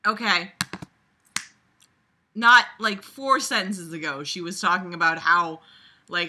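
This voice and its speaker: A woman's voice: fairly low pitch, measured pace, pauses often, bright, forceful tone. A woman reading a book aloud and breaking off into profane, exasperated, sarcastic commentary. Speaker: reader mocking a book. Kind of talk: comedic read-through with commentary.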